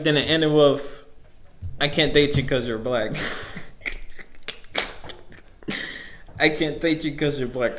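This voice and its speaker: A man's voice: on the high side, a bit bright, reverberant. Young man rambling on his podcast. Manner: loose, rambling, profane, laughs between lines. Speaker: podcast host. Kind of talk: casual solo podcast storytelling.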